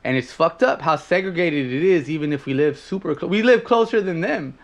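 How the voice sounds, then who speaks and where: A man's voice: a little high, animated, a little fast. A young man from Los Angeles with a South Central twang, chatting casually and profanely on a podcast, full of fillers and restarts. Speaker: podcast co-host. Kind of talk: casual chat.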